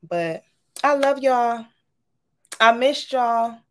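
A woman's voice: a little high, animated, drawn-out words. Chatty woman hosting a livestream. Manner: warm, chatty, says y'all often. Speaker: livestream host. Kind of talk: casual livestream sign-off chat.

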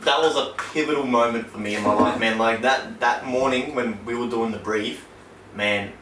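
A young man chatting on a podcast, cursing freely and throwing himself into his stories. He sits far from a poor mic, so his voice comes through distant and roomy, with faint hiss underneath. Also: normal speed. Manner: swears a lot, animated storyteller. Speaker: podcast co-host. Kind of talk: casual chat. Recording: roomy, distant low-quality backup mic.

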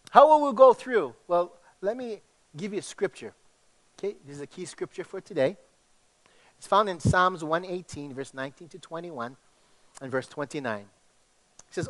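A middle-aged male pastor from Hawaii with a slight tinge, preaching in an animated, conversational way with many restarts. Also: high-pitched. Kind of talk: sermon.

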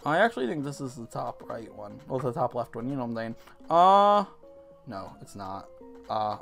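A man giving casual gameplay commentary as a let's play host, joking and quick to outbursts. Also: medium pitch.

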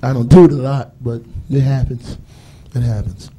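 A man's voice: mid-range voice, steady tone, moderate pace, mellow, a little hiss or hum. A man doing a loose, rambling stand-up comedy set on stage, acting out voices as he goes. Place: comedy stage before a live audience.

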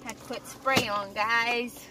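A woman's voice: on the high side, steady tone, slow, very noisy. Chatty woman vlogging from her car. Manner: rambling storytelling with many fillers. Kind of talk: casual chatty vlog. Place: in her car before work.

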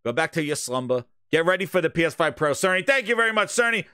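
A man hosting a live gaming reaction stream, loud, excitable and profane. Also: fairly high pitch, fast, clear, resonant tone, dry recording, studio quality. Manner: loud, excitable, profane, laughs at his own jokes. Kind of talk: casual live reaction commentary.

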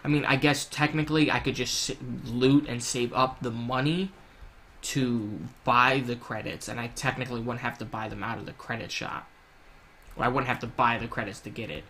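A young man giving casual, rambling gameplay commentary at home, swearing freely and yelling in panic when things go wrong. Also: medium pitch, steady tone, normal speed, slight background noise. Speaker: gaming YouTuber.

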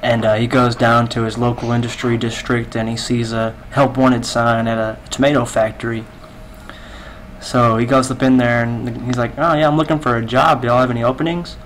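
A man's voice: mid-range voice, little pitch movement, moderate pace, low-quality recording. A man chatting with a friend during a game, telling a long shaggy-dog joke at an easy pace. He keeps quoting the characters with "he's like". A faint hiss sits under his voice. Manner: loose storytelling, many "he's like" quotes. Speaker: gamer telling jokes. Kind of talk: casual chat telling a joke.

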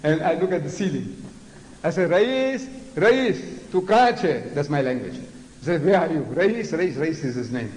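An older man with a South African accent lectures an audience in a mocking, animated way, slipping into mimicked voices. His voice sits on the high side. The sound carries the long echo of a large hall. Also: fairly quick. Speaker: public speaker. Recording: echoey hall recording.

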